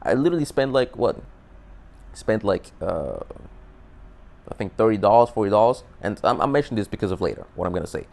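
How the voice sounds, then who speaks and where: A man's voice: fairly low pitch, brisk, creaky. Profane, rambling male vlogger. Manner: profane, rambling, repeats and restarts words; animated, emphatic. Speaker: dating advice vlogger. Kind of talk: casual storytelling monologue.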